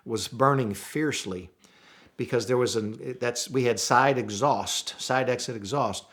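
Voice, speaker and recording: A man from St. Louis telling a road-trip story in a lively, casual way, often restarting and repeating words as he gets excited. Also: medium pitch. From St. Louis, USA. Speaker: storyteller guest.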